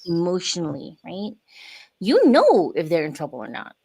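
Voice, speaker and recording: A middle-aged woman, a podcast guest, telling personal stories in casual chat and acting out her own past words with lively emphasis. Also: fairly low pitch, moderate pace, husky. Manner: animated storyteller, acts out her own voice in quotes. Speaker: guest, dance wellness coach.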